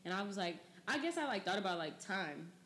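A woman's voice: mid-range voice, big pitch swings, fairly quick, fairly bright tone, a little hiss or hum. A woman in her twenties hosting a podcast, loose and chatty with lots of fillers. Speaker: podcast host. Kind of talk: casual chat.

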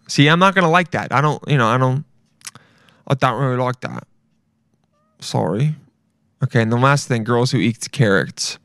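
A man's voice: mid-range voice, animated, unhurried, long pauses, smooth, no room sound, clean studio sound. Profane rambling man in his twenties. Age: 20s. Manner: profane, rambling, self-mocking. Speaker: podcast host. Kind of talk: casual solo podcast rant. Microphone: podcast mic.

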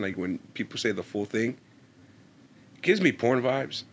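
A man's voice: mid-range voice, moderate pace, slightly rough. A young man co-hosting a casual wrestling podcast, slangy and swearing freely. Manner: animated, slangy, swears and laughs often. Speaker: podcast co-host.

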